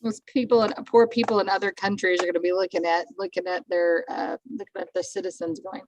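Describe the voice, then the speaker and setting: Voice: medium pitch, little pitch movement, fast talker, poor audio. A participant in a casual livestream chat, jokey and rambling. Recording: faint background noise.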